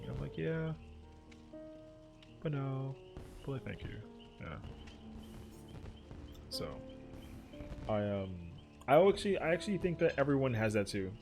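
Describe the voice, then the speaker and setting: A man's voice: mid-range voice, very animated, measured pace, gravelly, pauses often, over music. A young man streaming a game, chatting casually and rambling with lots of "like" fillers. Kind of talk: casual chat while gaming.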